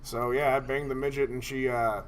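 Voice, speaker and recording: A man on a podcast telling a crude story in a rambling, animated way, laughing often. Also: mid-range voice, moderate pace, noisy background. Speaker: podcast co-host.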